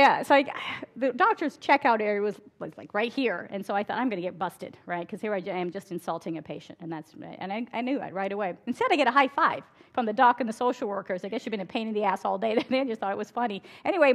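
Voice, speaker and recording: Before an audience in a conference hall, a middle-aged emergency physician talks fast in a medium-pitched voice. Her candid presentation is packed with stories, and she laughs at her own tales.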